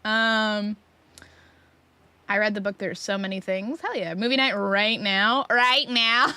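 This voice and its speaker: A woman's voice: medium pitch, steady tone, slow, pushed and bright, clear, resonant tone, faint music behind. A woman streamer chatting casually to her chat while she plays, rambling and restarting her sentences.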